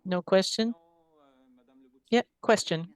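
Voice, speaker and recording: Brisk mayor chairing council. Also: medium pitch, dry recording. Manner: brisk procedural calls.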